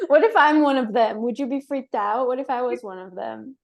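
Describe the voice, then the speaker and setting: Woman host, high-pitched, curious and eager questioner. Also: expressive, normal speed, vocal fry. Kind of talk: casual chat.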